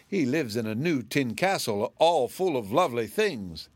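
A man voicing a confident little girl in a storybook reading, speaking in a bright, matter-of-fact way. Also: medium pitch, very animated, moderate pace, slightly rough, no room sound. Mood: earnest.

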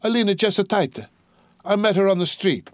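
A man's voice: high-pitched, lively intonation, normal speed, dry recording, studio quality, pitched above the performer's own voice. A man reading aloud, voicing a shocked, anxious young man in a raised, urgent tone. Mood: eager.

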